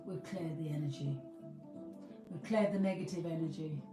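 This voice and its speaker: A woman's voice: deep voice, moderate pace, far from the mic. Chatty British woman on a roomy livestream. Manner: chatty, rambling, restarts often. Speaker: livestream host. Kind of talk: casual live chat with viewers. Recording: roomy, from the mic, faint music.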